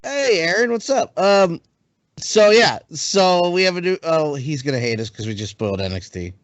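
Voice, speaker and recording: A young male podcast host with a high voice who talks in an excitable, laughing way. He sounds close and dry, as if right at the microphone with no room behind him. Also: normal speed, no room sound, highs cut off. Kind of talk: casual chat.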